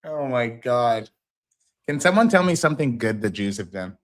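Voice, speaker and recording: A man's voice: mid-range voice, very animated, moderate pace. A man co-hosting a live trading stream, joking with the others and reading out market headlines. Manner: joking, laughs a lot, reads out headlines. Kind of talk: casual trading banter.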